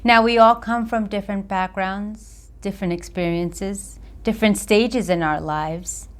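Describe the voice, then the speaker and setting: A woman accountability coach giving a motivational talk to camera, with deliberate, emphatic phrasing. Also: medium pitch, steady tone.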